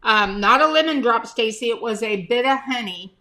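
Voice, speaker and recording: A woman's voice: a little high, expressive, normal speed, pushed and bright. A woman hosting a casual live stream, chatting to viewers by name as she holds items up to the camera, sometimes talking with her mouth full.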